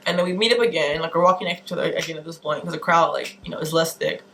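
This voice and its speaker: Young woman, vlogger, storytime, animated, exasperated, bright tone. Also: sits low, racing, a little hiss or hum. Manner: animated and exasperated, acts out quotes. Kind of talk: storytime vlog.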